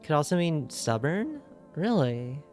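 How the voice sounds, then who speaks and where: A woman's voice: deep voice, sing-song, measured pace, a little mellow, faint music behind. A young woman streaming a game, chatting casually and asking her viewers lots of questions. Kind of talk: casual livestream chat.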